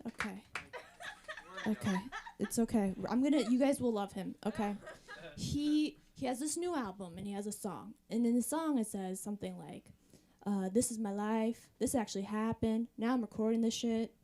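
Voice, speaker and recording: Woman in her thirties, stand-up comic, high voice, mellow tone, wry chatty delivery. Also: normal speed. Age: 30s. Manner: conversational, wry, chatty with the audience. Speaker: stand-up comedian. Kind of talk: stand-up set. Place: comedy club stage.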